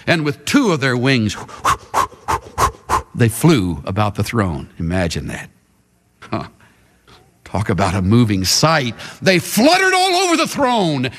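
A man's voice: on the high side, a bit bright, big-room sound. A man preaching a sermon with dramatic delivery, leading his congregation to answer back in call-and-response.

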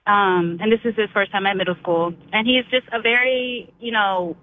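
A woman's voice: mid-range voice, fairly even intonation, normal speed. Female caller, 30s, emotional and rambling, thin phone-line sound. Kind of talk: call-in testimony.

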